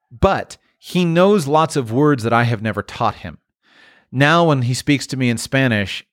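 A man talks in a relaxed monologue at a mid pitch, thinking aloud with frequent restarts. The sound is dry and close, with no room echo. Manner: thoughtful, restarts and trails off. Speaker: parent talking about language learning. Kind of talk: casual monologue.

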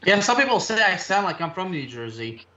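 A man's voice: high-pitched, sing-song, fairly quick, bright, forceful tone. A man whose first language is French, co-hosting a radio show, rambling and correcting himself as he talks. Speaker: radio co-host. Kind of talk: casual radio banter. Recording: slightly dull lo-fi sound.

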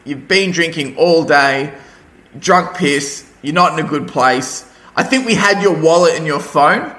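A man's voice: on the high side, a little slow, bright, forceful tone. A man, teasing his co-host in casual chat. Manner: teasing, jokey interjections.

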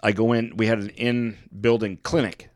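A man's voice: lowish voice, flat delivery, normal speed, dry recording, studio quality. A man in casual podcast chat, telling a profane story about a past job. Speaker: podcast co-host.

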